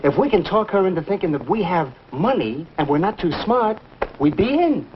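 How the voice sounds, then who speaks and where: A man's voice: sits high, sing-song, moderate pace, a little hiss or hum. A man acting a nervous, reluctant sidekick in an old sitcom. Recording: muffled old TV sound with loud music.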